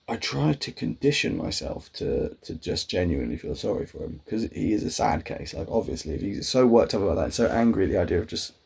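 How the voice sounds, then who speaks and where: A man's voice: lowish voice, creaky, mellow, breathy edge. A man telling a rambling personal story in a casual monologue, swearing often and acting out his own quoted lines. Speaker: vlogger.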